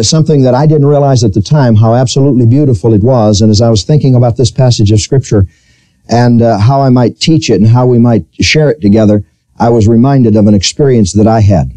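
A male pastor preaching a sermon in church, telling a personal story with lively, animated delivery. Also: dry recording. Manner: storytelling preacher, animated, rising to high pitch when quoting.

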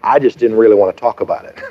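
A middle-aged man preaching a sermon, telling stories and shifting between lively and hushed delivery. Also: fairly low pitch, quick pace, dull audio. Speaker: pastor.

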